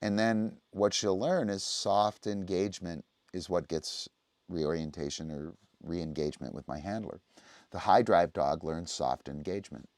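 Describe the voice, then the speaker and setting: Low-voiced man teaching dog training. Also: fairly even intonation, a little slow, darkish tone, no echo. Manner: conversational, explaining, often asks "right?". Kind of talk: livestream teaching.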